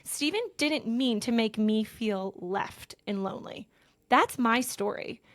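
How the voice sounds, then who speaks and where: A woman's voice: a little high, measured pace. A woman guest on a podcast, a couples counselor, telling stories animatedly and acting out both sides of an argument. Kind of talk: conversational podcast interview.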